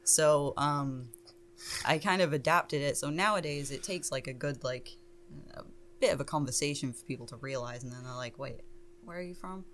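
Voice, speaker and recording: A woman's voice: rumbling low, slight background noise. English woman chatting on a podcast. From England. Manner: relaxed, chatty, quick to laugh. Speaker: podcast guest, tattoo artist. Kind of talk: casual chat. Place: indoor podcast room.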